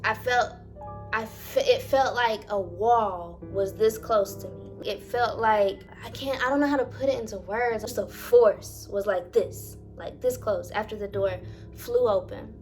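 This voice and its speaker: A young woman vlogger narrating a personal paranormal story in a dramatic, animated way, talking straight to her viewers and swearing freely. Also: medium pitch, unhurried, soft background music.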